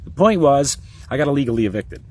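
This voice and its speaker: A man telling a personal story in a heated, rambling, profane rant, with sudden loud outbursts. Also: medium pitch, big pitch swings, fast.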